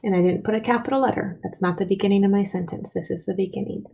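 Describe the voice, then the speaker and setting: A woman teaching an early-grade spelling and writing lesson, slowly and patiently sounding out letters and words for young children. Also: mid-range voice, steady tone, vocal fry, dark tone, a little hiss or hum, low-quality recording.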